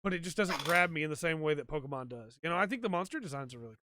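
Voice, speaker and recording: Against a noisy background, a male podcast host talks very fast in a casual solo ramble laden with ums and likes. His voice is a little high and animated, picked up by a desk mic for streaming.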